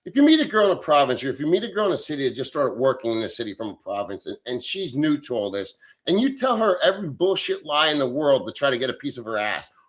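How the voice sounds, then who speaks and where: A middle-aged man from the American Midwest, hosting a livestream, reading chat and ranting in a blunt, crude way. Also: a little high. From Southern Illinois, USA. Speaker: livestream host.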